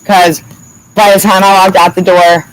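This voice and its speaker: A woman's voice: on the low side, flat delivery, normal speed, poor audio. A fired-up woman telling a story, swearing freely. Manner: heated, profane storytelling with lots of reported dialogue. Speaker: vlogger telling her side of a story. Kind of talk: casual storytime.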